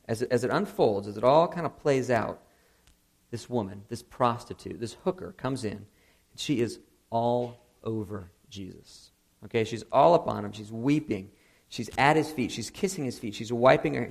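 A man delivers a sermon in a relaxed, chatty way, as if talking straight to the people in front of him. His mid-pitched voice has a gravelly, creaky texture. He keeps asking the listeners questions and now and then leaps up in pitch for emphasis. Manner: conversational, asks the audience questions, frequent "okay?" and "right?"; animated, rising to high emphatic bursts. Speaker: pastor.

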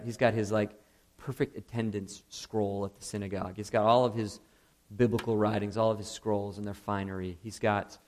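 Gravelly-voiced man preaching conversationally. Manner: conversational, asks the audience questions, frequent "okay?" and "right?"; animated, rising to high emphatic bursts. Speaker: pastor. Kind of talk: sermon.

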